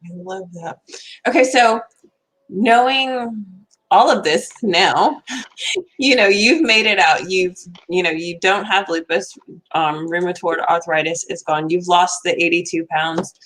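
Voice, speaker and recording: A woman's voice: fairly low pitch, a little slow, fairly bright tone. A woman hosting an interview, affirming her guest and asking long reflective questions. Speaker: interview host. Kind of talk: conversational interview.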